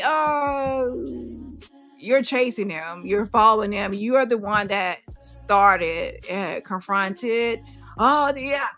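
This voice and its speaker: A woman hosting a casual online commentary show, brash and animated, swearing and mocking the people she talks about. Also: a little high, slow, soft background music. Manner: animated and brash, swears freely, mocks voices.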